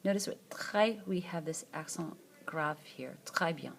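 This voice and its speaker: A woman teaching a French lesson in a screencast, saying each word slowly and then repeating it for students. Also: low voice, creaky, slightly rough. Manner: slow, repeats words twice for the learner. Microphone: tablet screencast.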